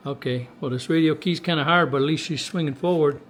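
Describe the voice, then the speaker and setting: A man's voice: a little high, fairly quick, few pauses, muffled recording, a little hiss or hum. A man in a radio workshop giving casual commentary to a camera while testing and tuning a radio, in a folksy, chatty way. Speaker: CB radio technician.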